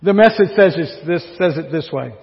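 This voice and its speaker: A man's voice: fairly high pitch, expressive, moderate pace. A man preaching a sermon as pastor, in a conversational way, often asking his listeners rhetorical questions. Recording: dull recording with long hall reverb.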